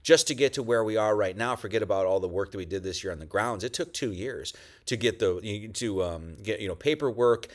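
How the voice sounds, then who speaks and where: A man's voice: on the low side, lively intonation, brisk. A man giving a casual, rambling church talk as pastor, joking and swearing, with many restarts. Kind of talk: casual sermon. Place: at home with dogs nearby.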